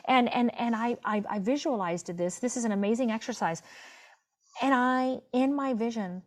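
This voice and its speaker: A woman's voice: fairly high pitch, normal speed, a little mellow. A woman in her fifties telling a personal story as an interview guest, heartfelt and emphatic, often restarting her words. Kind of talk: casual interview chat.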